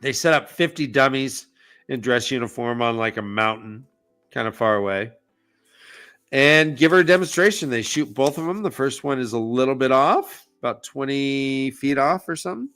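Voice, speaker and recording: A man co-hosting a casual book discussion, recapping the plot with jokey, animated asides. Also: mid-range voice, moderate pace, faint music behind. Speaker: podcast co-host.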